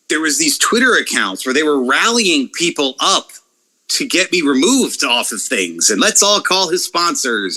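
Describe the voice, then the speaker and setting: A man talking in a casual podcast chat, ranting and swearing freely about online critics. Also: fairly high pitch. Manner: profane, animated, ranting. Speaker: wrestling YouTuber guest.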